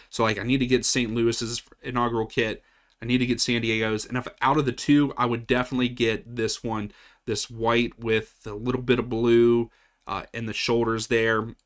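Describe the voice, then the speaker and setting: A man from West Virginia chatting casually as he ranks soccer kits, often repeating himself and restarting sentences. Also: medium pitch. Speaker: soccer channel host. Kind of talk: casual tier-list commentary.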